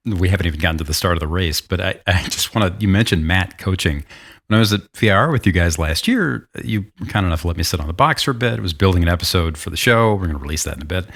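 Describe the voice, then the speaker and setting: Brief: very low-voiced male host, chatty, animated, quick asides. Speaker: podcast host. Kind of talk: casual podcast chat.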